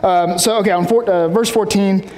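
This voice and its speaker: A man's voice: sits high, fairly even intonation, normal speed, a little mellow. A man preaching a casual sermon, rambling with many fillers and restarts, heard in a large hall.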